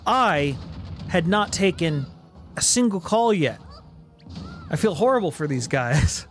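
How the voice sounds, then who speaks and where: Animated man telling a story on a stream. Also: sits high, a little slow, faint music behind. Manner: animated storyteller, voices the people in his tale. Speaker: streamer host. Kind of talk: casual anecdote on a game stream.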